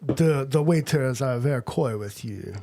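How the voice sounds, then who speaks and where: A man's voice: mid-range voice, animated, unhurried, gravelly, warm tone, a little hiss or hum. Rambling American man telling a story. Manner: rambling storyteller, acts out quotes. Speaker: podcast co-host. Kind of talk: casual chat.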